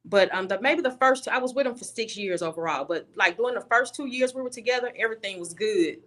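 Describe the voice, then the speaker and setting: Young woman on a video call, bright tense voice, talks blunt and candid, lots of restarts. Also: fairly high pitch, quick pace. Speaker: guest. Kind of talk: personal storytelling.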